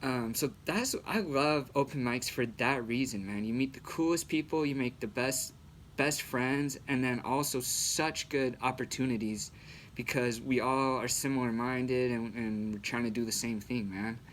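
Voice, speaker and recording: A young man, an amateur comic, telling a story in a relaxed, slangy way with plenty of swearing. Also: mid-range voice, moderate pace, a little hiss or hum. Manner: laid-back, slangy, swears freely. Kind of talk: casual storytelling.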